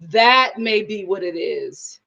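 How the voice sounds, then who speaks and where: A woman hosts a live review stream in a creaky, medium-pitched voice at a slow pace, and the recording's highs are cut off. She chats casually with viewers and reads their comments aloud playfully, staying animated and laughing often.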